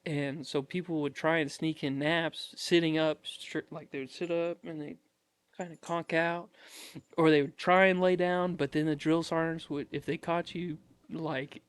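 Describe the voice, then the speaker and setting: A man in his twenties, a podcast guest, telling army stories in a casual, animated way and often breaking into laughter. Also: on the high side, normal speed, clean tone, dry recording. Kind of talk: casual storytelling.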